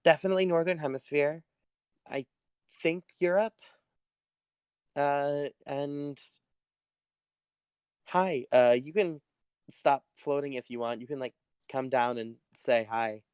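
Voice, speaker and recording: A woman's voice: deep voice, fairly even intonation, slow pace, long pauses, a little mellow, smooth, dry recording, pitched above the performer's own voice. A woman voicing a thin, short man who talks in a friendly, rambling, hesitant way.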